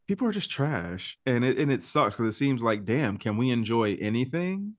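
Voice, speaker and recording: A man co-hosting a casual pop culture podcast, talking in an animated, gossipy way with quick asides and laughs. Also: mid-range voice, no echo, clean studio sound. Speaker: podcast co-host.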